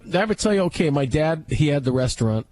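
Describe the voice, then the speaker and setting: Animated man telling a story. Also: on the high side, fast. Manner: animated storyteller who acts out dialogue. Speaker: co-host. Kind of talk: casual storytelling chat.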